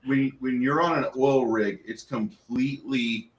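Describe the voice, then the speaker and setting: A man's voice: medium pitch, steady tone, a little slow, far from the mic. A man, running a tabletop game and chatting in an earnest, rambling way, often restarting his sentences. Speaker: game master. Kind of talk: casual chat after a tabletop game. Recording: echoey room from off-mic with faint noise.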